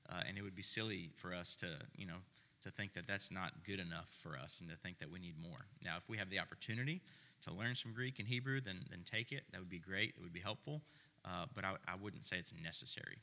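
Low pastor guy, really bright sharp tone, measured, roomy hall sound. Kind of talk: church panel discussion.

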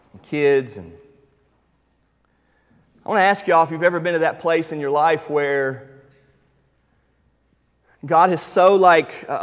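A man in his thirties preaching a sermon in a conversational, storytelling manner with emphatic stretches. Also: on the high side. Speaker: pastor. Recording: reverberant hall.

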